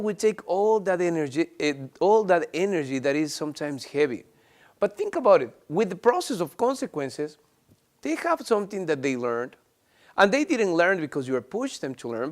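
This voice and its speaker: A man teaching a parenting class, explaining ideas and acting out little dialogues between a parent and a child. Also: sits high. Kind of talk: explanatory talk to camera.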